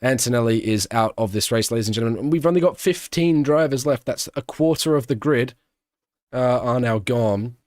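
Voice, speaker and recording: A man's voice: medium pitch, normal speed, dry recording, clean studio sound. Chatty man giving live race commentary. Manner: chatty, answers chat questions, breaks into excited shouting at big moments. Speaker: streamer hosting an F1 watch-along.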